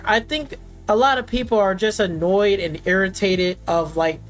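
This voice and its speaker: A man hosting a gaming stream, ranting in an exasperated, mocking way and swearing constantly. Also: high voice. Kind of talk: profane casual rant.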